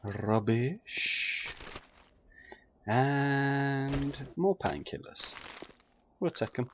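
A man's voice: mid-range voice, expressive, extremely slow, gravelly, pauses often, a little hiss or hum. A man giving casual, muttering commentary while he plays a survival game, swearing freely. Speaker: let's play gamer.

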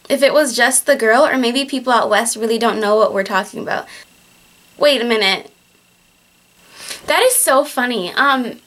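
A teenage girl with a Michigan accent talks straight to her viewers in a casual home vlog. Her voice sits high and bright, and she sounds exasperated and chatty. She leans on fillers and restarts her sentences. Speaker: vlogger on a group channel. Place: at home, in winter.

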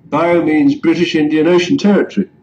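A man's voice: on the high side, steady tone, brisk, darkish tone, a little hiss or hum. A man co-hosting a talk show in a somewhat raised voice, spinning long insinuating questions. His voice comes through a dull, lo-fi call-in line. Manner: long-winded, insinuating, poses loaded questions. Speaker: co-host. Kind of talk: casual radio talk.

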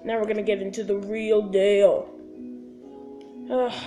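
A woman's voice: medium pitch, level tone, measured pace, dark tone, soft background music. A woman casually commenting on her gameplay, chatty and talking straight to her viewers with little sound-effect words. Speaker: gaming video host.

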